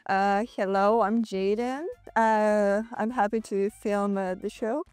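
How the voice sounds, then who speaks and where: A woman's voice: medium pitch, steady tone, takes it slowly, darkish tone, smooth, dry recording. A woman hosts a sports interview in a chatty, friendly way. Her voice sounds dry and close, with faint music under it. She laughs easily between questions. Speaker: sports TV show host.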